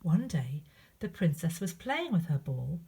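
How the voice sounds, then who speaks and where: A woman reading a picture book aloud to children, expressive, with chatty asides to young listeners. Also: low voice, measured pace, husky. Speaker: storyteller.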